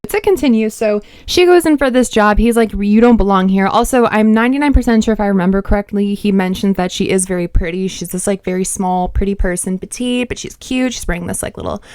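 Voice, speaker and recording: A woman's voice: mid-range voice, clean tone, dry recording, studio quality. A woman hosting her own channel, giving a casual, rambling book review full of "like" fillers and talking straight to viewers. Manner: chatty, talks straight to viewers.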